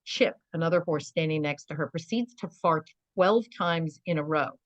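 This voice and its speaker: A middle-aged woman with a notably low voice recounts her experiences as a podcast guest. She talks in an earnest, animated way, with frequent "you know"s. The recording is dry and close, with no room echo. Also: moderate pace. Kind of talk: podcast interview storytelling.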